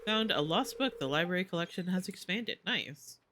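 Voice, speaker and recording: A man's voice: high-pitched, lively intonation, normal speed, sharp tone, a little hiss or hum. A man streaming a game, chatting casually with playful, gushing asides. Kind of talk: casual gameplay commentary.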